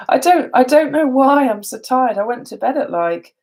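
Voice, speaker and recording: A woman's voice: sits high, a little mellow. A tired woman chatting casually on a live stream, rambling and laughing often. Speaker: beauty vlogger.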